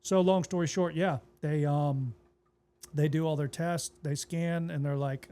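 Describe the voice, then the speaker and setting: Mellow-voiced pastor telling his story. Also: fairly high pitch, unhurried. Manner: relaxed, plainspoken retelling that acts out quoted dialogue. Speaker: pastor and podcast guest. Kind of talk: casual interview storytelling.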